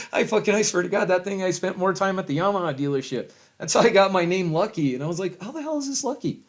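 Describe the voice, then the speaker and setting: A middle-aged man in a rambling, heavily profane rant to camera, with loud swings and frequent chuckles. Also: high voice, fairly quick. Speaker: vlogger.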